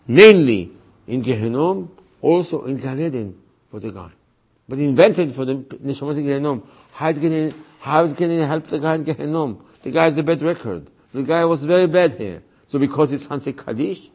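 Husky-voiced man giving a religious lecture. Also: a little high, darkish tone. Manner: emphatic, repeats points, acts out quoted voices.

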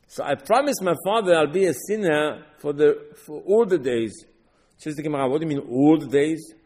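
Animated man teaching Torah, echoing hall. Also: on the high side, normal speed. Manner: animated, rhetorical questions, quotes verses in Hebrew. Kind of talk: Torah class in English.

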